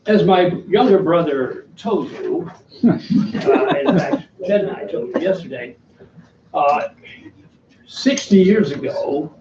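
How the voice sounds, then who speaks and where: A slightly high male voice belongs to a Southern US guest speaker from Alabama, in his seventies, giving a wry, self-deprecating after-dinner talk with slides. It was recorded from a distance in an echoey banquet hall, sounding muffled with background noise.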